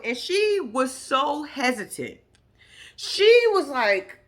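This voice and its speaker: A woman with a high, bright voice tells a story in a casual vlog. Her pitch swings widely as she acts out each person's lines, and she swears freely. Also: unhurried. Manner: animated, profane, acts out others' lines. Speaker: storyteller recounting a reality-show shoot.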